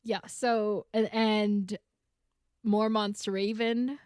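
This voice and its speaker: A woman's voice: mid-range voice, flat delivery, very slow, a little mellow, clean tone, no echo, studio quality. A woman co-hosting a podcast, casually recapping book chapters and peppering her paraphrases with "like". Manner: chatty, paraphrases scenes with filler "like".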